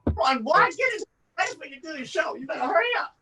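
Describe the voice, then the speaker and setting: A man's voice: very high voice, very animated, racing, a loud crowd, voice pushed up, heavily acted. A man voicing a bossy older grandmother who scolds and hurries her grandson. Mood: scolding. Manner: scolding, calls out shrilly.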